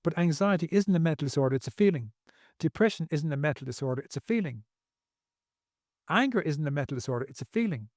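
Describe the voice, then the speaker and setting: A man's voice: a little high, lively intonation, quick pace, a little mellow, no room sound, clean studio sound. A man speaking as a podcast guest, earnest and preachy, repeating phrases for emphasis. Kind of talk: podcast interview.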